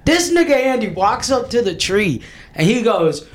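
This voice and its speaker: Young male podcast host, a touch high, loose and profane storyteller, faint hiss behind. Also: moderate pace. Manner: profane, excitable, laughs while telling stories. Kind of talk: casual storytelling chat.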